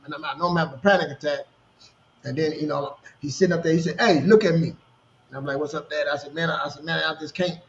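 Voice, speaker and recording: A man in his thirties telling personal stories in a casual podcast conversation, animated and full of restarts. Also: a little high, fast, a little hiss or hum. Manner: storytelling, animated, repeats words and restarts. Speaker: podcast co-host. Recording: roomy, dull lo-fi sound.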